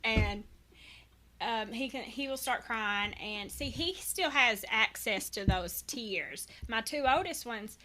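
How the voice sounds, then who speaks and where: A woman's voice: fairly high pitch, lively intonation, takes it slowly, bright, forceful tone, a little hiss or hum. A woman in her thirties, a guest, talking candidly and earnestly about parenting, with many false starts and restarts. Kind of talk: candid personal conversation.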